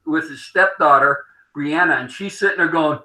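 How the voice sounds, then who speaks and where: A man with a high, very bright voice hosting a casual chat in a garage. He speaks bluntly and with emphasis, and the room gives his voice a clear echo. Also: normal speed. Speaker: show host.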